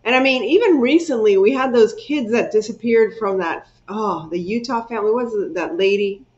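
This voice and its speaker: A chatty woman hosts a casual livestream, her voice a little high. She repeats herself often and reads out viewer comments. The stream audio is muffled and lo-fi. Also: brisk. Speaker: craft channel host.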